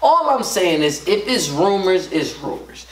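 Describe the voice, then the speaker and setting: A man talking casually as a co-host, his voice a touch high and swinging widely in pitch as he jokes and piles on filler phrases. He sits back from the mic, and the room echoes around him. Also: measured pace, far from the mic, a little hiss or hum. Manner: animated, joking, full of filler phrases. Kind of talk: casual commentary chat. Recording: roomy sound, away from mic.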